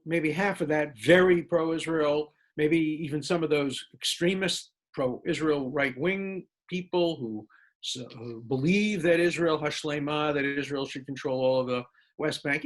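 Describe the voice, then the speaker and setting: A male law professor fielding student questions. His voice sits fairly high for a man, and he talks emphatically, stacking words into lists. His pitch jumps sharply when he turns sarcastic. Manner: animated speaker with big pitch jumps for emphasis. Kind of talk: lecture-style Q&A answer.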